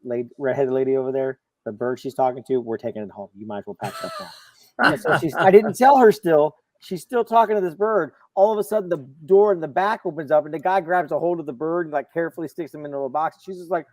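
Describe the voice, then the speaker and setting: A middle-aged man on a video call, a comics show panelist, telling a long personal story in casual chat with lively quoting. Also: fairly high pitch, fast talker, no room sound, low-quality recording. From Florida, USA. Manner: storytelling, animated, quotes others.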